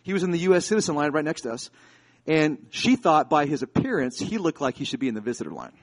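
A man's voice: fairly high pitch, sing-song, fast. A man in his forties from the United States, preaching a sermon as a pastor. He tells stories in a chatty way, then builds to fervent, emphatic preaching.

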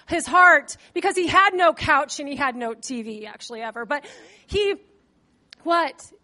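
Very high-voiced woman preaching. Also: pushed and bright. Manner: conversational, asks the congregation questions; loose with fillers. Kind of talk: sermon.

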